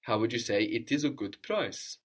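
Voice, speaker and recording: A man's voice: medium pitch, normal speed, breathy edge. A man teaching a Greek lesson, patiently explaining grammar step by step and prompting his student with questions.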